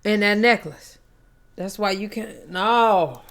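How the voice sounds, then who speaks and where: A woman's voice: medium pitch, slow. A woman hosting a stream and reacting to a video with short exclaiming remarks. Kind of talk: casual reaction commentary.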